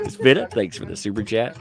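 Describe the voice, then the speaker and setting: A man's voice: lowish voice, vocal fry. A man hosting a live stream, joking and commentating casually while reading viewer messages aloud. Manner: joking, animated, reads chat aloud. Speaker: livestream host.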